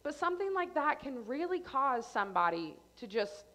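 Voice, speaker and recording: A young adult woman giving a sermon at church, telling a personal story in an animated way and acting out her own panicked lines. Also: high voice, normal speed. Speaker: church speaker.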